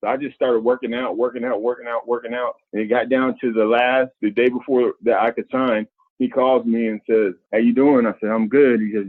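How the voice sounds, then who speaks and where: A middle-aged former basketball player telling stories in an interview, acting out what others said. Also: male voice, mid-range voice, no room sound. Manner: animated storyteller, acts out quoted voices. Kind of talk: candid storytelling interview. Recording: thin phone-like sound, dry.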